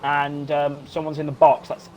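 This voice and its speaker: A man commentating a live sim race, excitable and quick to swear when frustrated. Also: on the high side, muffled recording, slight background noise.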